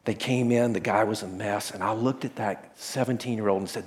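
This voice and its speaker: A pastor telling stories in a sermon, swinging between excited bursts and hushed, quiet moments. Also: male voice, fairly low pitch, brisk, hardly any pauses, long reverb tail. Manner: animated storytelling, dropping to hushed tones. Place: large auditorium.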